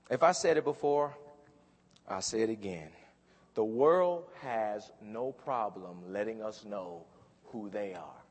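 Man, pastor, sermon, husky voice, fervent preaching, long church reverb. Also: fairly low pitch. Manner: preaching with rising fervor, drawn-out scripture reading.

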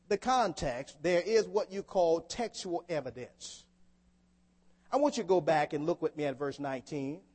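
A man's voice: a little high, darkish tone. A man preaching a sermon to a congregation, often asking them questions to draw them in. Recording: long hall reverb.

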